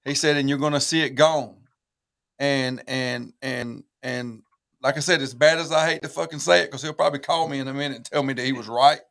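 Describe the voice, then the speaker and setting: A man's voice: medium pitch, fairly even intonation, brisk, gravelly, a bit bright. Man panelist, laid-back, swears casually, plain mid voice. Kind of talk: panel debate.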